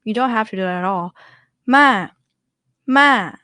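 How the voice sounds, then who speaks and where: A woman's voice: mid-range voice, racing, smooth, no echo. A young woman with a Thai accent teaching language tones in a chatty, casual way, often voicing example syllables. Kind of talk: casual online lesson.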